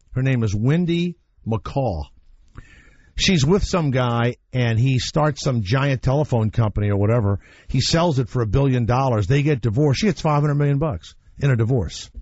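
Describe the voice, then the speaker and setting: A man's voice: medium pitch, normal speed, no room sound, highs cut off. A man hosting a talk radio show, telling stories in an opinionated, blunt way with some swearing. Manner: opinionated, animated storytelling with blunt profanity. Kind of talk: casual talk radio chat.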